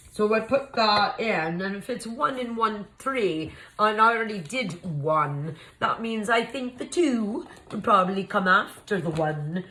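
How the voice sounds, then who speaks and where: A woman's voice: medium pitch, fairly bright tone, rough recording. A woman as a rambling Mad Hatter cook. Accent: Scottish-tinged, shifting. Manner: rambling, flustered, chatty, muddles measurements. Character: scatterbrained cheerful female Mad Hatter cooking. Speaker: cooking show host in costume. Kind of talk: improvised comedy cooking demo.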